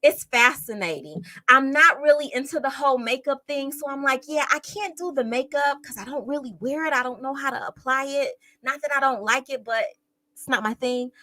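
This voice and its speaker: A woman's voice: sits high, fairly quick, pushed and bright, no room sound, low-quality recording. A woman, a teacher, hosting a casual true crime livestream, chatty and emotional, close to tears as she greets viewers in the chat.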